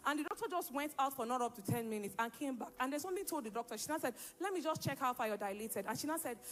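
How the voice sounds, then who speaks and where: A young woman gives a spoken church testimony, telling her story in a lively way and acting out the lines of the people in it. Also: on the high side. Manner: lively storytelling, acts out quoted dialogue. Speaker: church member giving testimony.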